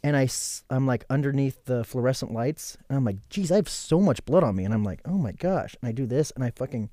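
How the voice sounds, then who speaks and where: A man's voice: medium pitch, brisk, no room sound, clean studio sound. A man in his thirties, a podcast guest, telling a rambling story in casual chat, swearing a lot and acting out what people said. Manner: animated, swearing, acts out quoted lines.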